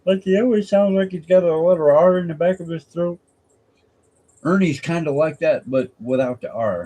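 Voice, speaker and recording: Laid-back man with a mellow voice. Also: fairly high pitch, normal speed, slight background noise, poor audio. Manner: rambling, chuckling, laid-back. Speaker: streamer. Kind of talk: casual chat. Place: outdoors at night. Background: faint crickets and insects.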